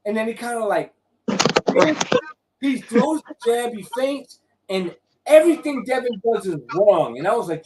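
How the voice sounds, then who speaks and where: A man hosting a casual boxing talk, animated and profane, telling stories with acted quotes. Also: very high voice, normal speed, a little hiss or hum. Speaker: host.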